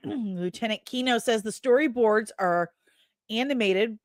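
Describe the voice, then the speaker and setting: A woman hosting a live show, reading viewer comments aloud and answering them in a chatty way with quick asides, often laughing at herself. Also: fairly high pitch, no echo, studio quality. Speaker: host.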